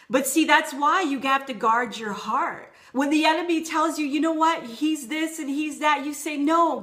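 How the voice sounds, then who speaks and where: A woman's voice: sits high, sharp tone. Earnest woman preaching with personal stories. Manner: earnest, conversational, tells stories with quoted dialogue. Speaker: women's ministry speaker.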